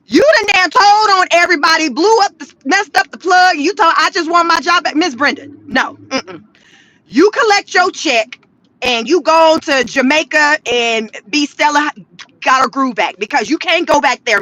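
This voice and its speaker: A woman's voice: sits high, sharp tone, dry recording, low-quality recording. A woman giving casual, slangy commentary on the news, talking straight to her viewers and telling the story with animation. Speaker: commentary vlogger.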